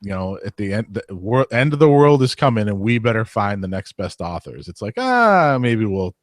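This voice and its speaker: Male co-host, low voice, dry sound, blunt casual talker. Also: a little fast, a little mellow, no echo. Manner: blunt, opinionated, chatty. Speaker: podcast co-host. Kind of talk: casual live-show chat.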